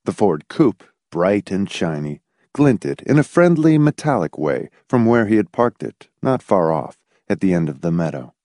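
A man reading an audiobook in a measured, expressive narration style. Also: low-pitched, dry recording, studio quality. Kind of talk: scripted narration.

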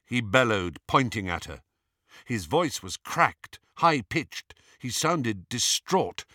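Lively male audiobook narrator. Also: fairly low pitch, takes it slowly, no echo, studio quality. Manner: expressive, lively storytelling.

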